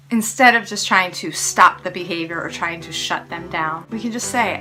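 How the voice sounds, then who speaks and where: With music playing behind her, a woman hosting parenting tips talks to viewers in a casual, encouraging, coach-like way. Her lowish voice moves at a normal speed with hardly any pauses.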